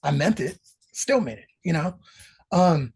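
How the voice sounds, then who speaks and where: Man, middle-aged, husky voice, a bit high, swears a lot, rambling storyteller, interview guest. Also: a little slow. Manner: profane, rambling, animated storytelling. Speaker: guest musician.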